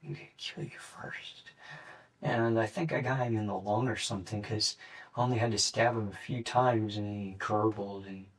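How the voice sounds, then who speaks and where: A young man in his late teens gives a police interrogation statement in a flat, matter-of-fact way, halting with fillers. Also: fairly low pitch. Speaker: murder suspect being interrogated. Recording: distant mic in an interrogation room.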